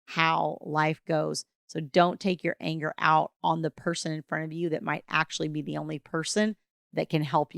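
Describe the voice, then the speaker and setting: A woman's voice: lowish voice, vocal fry, no echo, studio quality. A woman coaching parents through divorce, talking casually and acting out what people might say. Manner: casual, conversational, acts out quoted dialogue. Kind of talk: advice talk to camera.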